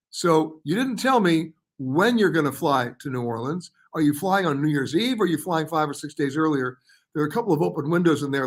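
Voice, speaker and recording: A chatty male travel host answers viewers live, reading their comments aloud and passing quick verdicts on their guesses. His voice sits a little higher than most men's, and he keeps it loose and conversational. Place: hotel or studio in Paris.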